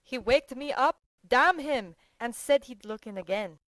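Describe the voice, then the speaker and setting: A woman's voice: a little high, expressive, a little slow, no echo, voice pushed up, poor audio. A rowdy young male officer, woken too early, barks and grumbles in a raised voice, as a woman reader puts him on. The sound is dry and close, with no room around it. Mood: grumpy. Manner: shouted, irritable. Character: sleepy, grumpy young male army officer.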